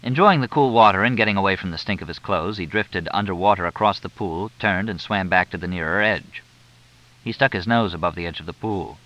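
A man narrating an audiobook in a lively, expressive reading. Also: deep voice, a little fast. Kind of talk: scripted narration. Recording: dull lo-fi dry recording.

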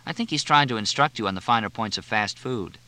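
A man's voice: mid-range voice, fast talker, pushed and bright, natural voice. A man voicing an outspoken young woman who lectures emphatically. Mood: brisk.

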